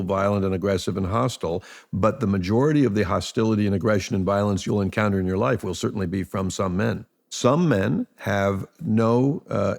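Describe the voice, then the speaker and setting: A male author interviews his guest and explains his ideas in a calm, measured way. His voice is low with a gravelly texture. He speaks reflectively.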